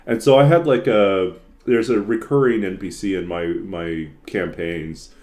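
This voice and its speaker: A man's voice: low-pitched, measured pace, darkish tone. A man streaming a game and chatting casually, rambling with lots of filler words and frequent chuckles. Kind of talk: casual chat while playing.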